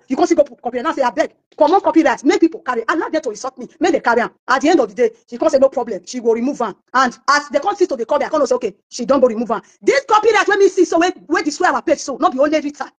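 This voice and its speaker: A Nigerian woman talks at a racing clip in a high, bright-edged voice. She tells her story in an interview and keeps slipping into the voices of the people in it. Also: lively intonation, racing, hardly any pauses. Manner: acts out quoted voices of others while telling stories. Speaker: singer being interviewed.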